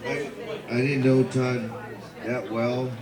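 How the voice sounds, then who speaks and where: A man speaking at a memorial, telling a personal story in a halting way with many fillers and repeated words. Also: mid-range voice, steady tone, a crowd in the background. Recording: echoey hall.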